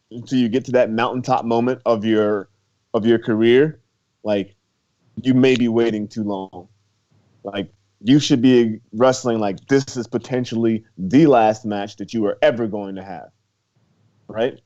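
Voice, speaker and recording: A man's voice: medium pitch, dark tone. A young man and former college wrestler, talking casually as a guest, laid-back, laughing often and filling his talk with "you know" and "like". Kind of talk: casual interview chat. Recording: muffled lo-fi recording.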